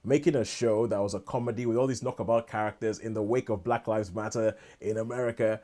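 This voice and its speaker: A man's voice: fairly low pitch, fairly even intonation, quick pace, dark tone. A man co-hosting a casual podcast chat, rambling and enthusiastic, often restarting his sentences. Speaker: podcast co-host.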